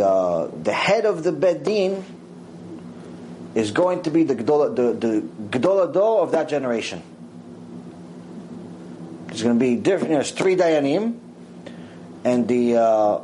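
A man giving a mussar lecture, telling a story with lively acted-out voices. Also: a little hiss or hum, low-quality recording. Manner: animated storytelling, acts out quoted voices with big pitch swings. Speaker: Torah teacher.

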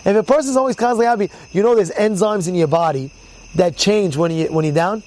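A man teaching an informal Torah class as a rabbi, telling stories with lots of repetition and acting out the people in them loudly. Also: high-pitched, quick pace, poor audio. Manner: animated storyteller, repeats words, acts out quotes loudly.

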